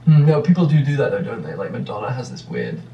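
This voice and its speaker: Answering fan questions, a thirtysomething actor from England talks quickly in a creaky, mid-range voice with big pitch swings, wandering reflectively and restarting often. He's far from the mic in a roomy space, and the highs are cut off.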